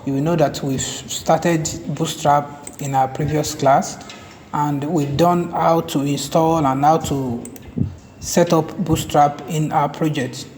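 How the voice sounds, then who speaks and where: A man teaching a coding tutorial, talking slowly and often repeating and restarting words as he types. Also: on the high side, steady tone, a little mellow. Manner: slow, repeats and restarts words while typing. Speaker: web development tutor. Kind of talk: screen-recorded coding tutorial. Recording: reverberant room with faint ambient noise.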